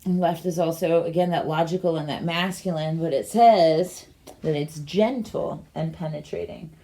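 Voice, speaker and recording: A woman giving a casual, meandering rune and tarot reading, talking slowly with many fillers. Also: low voice, warm tone.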